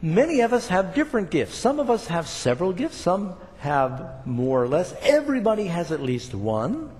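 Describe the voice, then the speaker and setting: A man's voice: sits high, big pitch swings, moderate pace, darkish tone, in a large hall. An older man preaching a sermon, talking casually to the congregation and building up emphatic points. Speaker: pastor.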